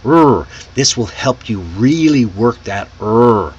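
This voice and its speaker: This is a man running a live online English lesson. He speaks at an unhurried, deliberate pace in a mid-range voice, drawing sounds out as he models them for learners. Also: medium pitch, a little mellow, breathy edge, lo-fi sound. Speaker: English teacher and show host.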